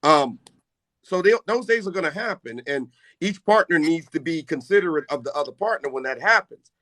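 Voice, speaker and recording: A man's voice: a little high, expressive, normal speed, pushed and bright, no room sound. A middle-aged man hosting a casual live chat, talking brash and boastful. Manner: brash, boastful trash talk. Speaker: live stream host.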